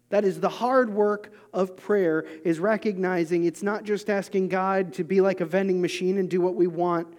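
A man in his thirties preaching a sermon in an earnest, confessional way, moving between quiet asides and emphatic urging. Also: high-pitched, steady tone, normal speed, few pauses, big-room sound. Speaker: pastor.

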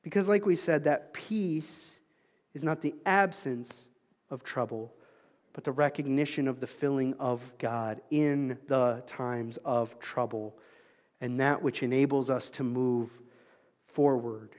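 A man preaching a sermon as pastor, talking conversationally with the congregation and swinging between emphatic calls and soft, low asides. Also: takes it slowly. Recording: long hall reverb.

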